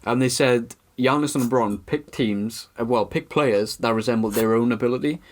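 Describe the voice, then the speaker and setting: A man's voice: medium pitch, normal speed. Man, podcast co-host, casual chat, teasing, laughs easily.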